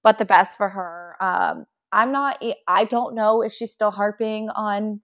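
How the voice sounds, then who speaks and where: A woman's voice: medium pitch, a little slow, a bit bright. A young woman co-hosting a podcast, chatting casually and recapping celebrity gossip with quoted asides. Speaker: podcast co-host.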